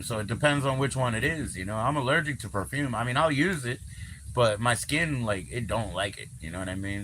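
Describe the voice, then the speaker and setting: Bright, loose-talking man on a livestream. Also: fairly low pitch, a little hiss or hum. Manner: loose, swearing, laughs often, lots of fillers. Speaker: livestream host. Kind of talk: casual rambling livestream chat.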